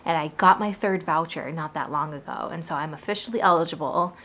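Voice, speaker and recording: A woman's voice: low-pitched, brisk, pushed and bright. A woman book vlogger chatting casually about her reading and her goals, hedging and correcting herself as she goes. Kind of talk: casual chat. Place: Boston area.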